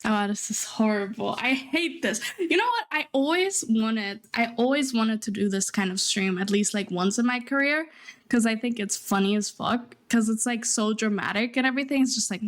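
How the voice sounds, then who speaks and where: A young woman streamer talks to her chat in a casual, rambling way, her voice on the high side. She is near tears, drops swear words, and breaks into short laughs. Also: lively intonation, moderate pace. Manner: emotional, teary, swearing.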